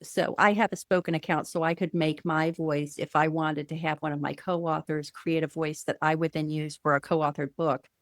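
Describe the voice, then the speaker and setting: A woman's voice: low voice, flat delivery, moderate pace, few pauses, dry recording, studio quality. A woman podcast host asking long, thoughtful questions in a casual interview.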